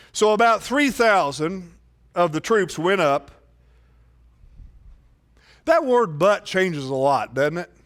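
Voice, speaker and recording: A man's voice: high-pitched, a bit bright. A man preaching a sermon as pastor, telling a story and acting out the quotes with rising emphasis.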